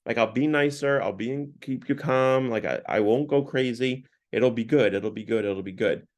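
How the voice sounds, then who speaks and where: A man's voice: mid-range voice, moderate pace, close to an everyday voice. A man doing a coaxing little lizard. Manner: coaxing, manipulative. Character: wheedling lizard of lust, male, small.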